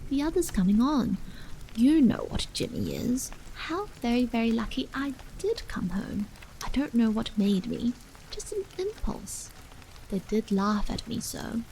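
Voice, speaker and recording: A woman voicing an eager, chatty young daughter in whispered role-play, higher and brighter than her narration. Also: sing-song, a little slow, a little hiss or hum, low-quality recording.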